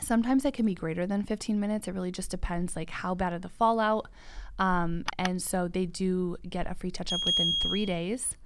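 A woman's voice: fairly low pitch, steady tone, normal speed, background noise. A woman who runs a lash studio, chatting casually about salon policy and often breaking into laughter and quoting clients. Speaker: lash studio owner, podcast co-host. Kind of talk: casual business chat.

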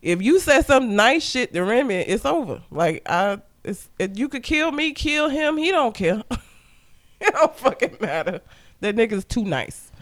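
A man's voice: extremely high pitch, unhurried. A man from Alabama with a Southern accent, co-hosting a podcast in a loose, swearing, laugh-filled chat. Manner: animated, laughs often, swears freely. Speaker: podcast co-host. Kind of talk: casual chat.

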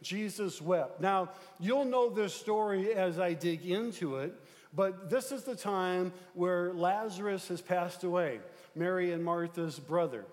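A man's voice: high voice, unhurried. A male pastor delivering a conversational sermon, often adding fillers and checking in with the congregation. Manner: conversational preaching with frequent fillers and check-ins. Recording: long hall reverb.

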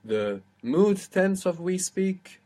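A man's voice: sits high, very animated, slow pace, dark tone. Patient male language teacher. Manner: patient, explains step by step and prompts the student. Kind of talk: spoken language lesson.

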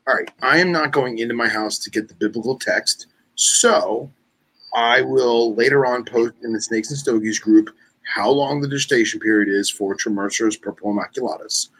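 A man with a husky, somewhat raspy voice chats casually on a podcast. He sounds laid-back and blunt, and his pitch sits in the middle. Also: normal speed, fairly bright tone, rough recording. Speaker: podcast guest. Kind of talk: casual chat.

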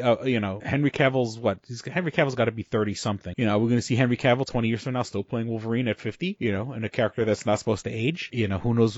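A man's voice: mid-range voice, dry recording, highs cut off. A man co-hosting a casual podcast, rambling with lots of fillers, restarts and swearing. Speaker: podcast co-host.

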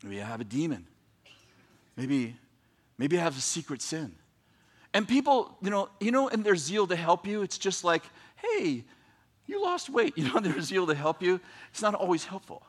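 A man preaching a sermon, swinging from quiet scripture reading to loud, excited shouting, with animated storytelling. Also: a little high, normal speed, husky. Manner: animated storytelling with voiced asides.

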